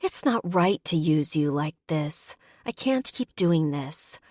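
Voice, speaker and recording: A woman's voice: sits low, expressive, takes it slowly, darkish tone, dry recording, clean studio sound, full character voice. A woman voicing a hurt but hopeful young human heroine, talking in pleading, emotional lines.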